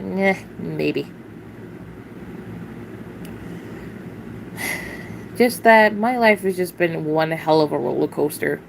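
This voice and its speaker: A woman's voice: fairly low pitch, vocal fry, a little hiss or hum, poor audio. A woman venting on a casual livestream, blunt and profane, rambling with sighs and short laughs.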